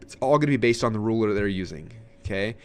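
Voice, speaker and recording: A man teaching marketing in a casual, energetic way, swinging his voice up and down, with many fillers and repeated words. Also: fast, clean tone. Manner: energetic, animated, swings pitch up and down. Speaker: webinar trainer.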